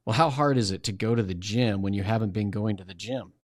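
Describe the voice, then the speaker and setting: A man's voice: on the low side, quick pace, no echo, clean studio sound. A man guesting on a podcast, explaining ideas in a conversational way and acting out inner voices as he goes. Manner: animated, acts out inner voices while explaining.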